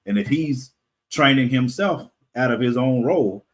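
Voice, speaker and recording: A man from the United States talking casually as a podcast guest, halting with fillers and laughing often. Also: medium pitch. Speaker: podcast guest, comic creator. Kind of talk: casual interview conversation.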